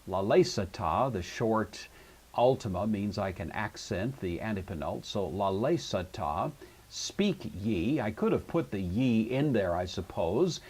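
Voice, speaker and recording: A low, husky male voice works through a grammar lesson at a steady, methodical pace. He thinks aloud as he goes and fills his pauses with "uh." The sound is calm and unhurried, like a classroom lecture. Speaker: Greek teacher. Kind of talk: recorded lecture on Greek grammar.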